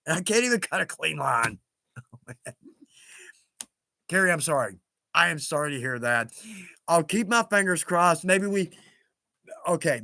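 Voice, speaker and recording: Chatty man with bright, high voice. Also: no room sound, studio quality. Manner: chatty, self-deprecating, laughs often. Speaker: livestream host reading viewer comments. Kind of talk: casual livestream chat.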